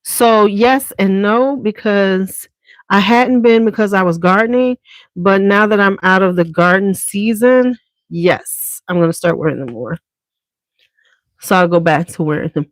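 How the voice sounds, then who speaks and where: A woman's voice: medium pitch, a little slow, no echo. A woman hosting a beauty channel in a casual livestream chat at home. She talks straight to viewers, swears freely, and wears a clip-on mic.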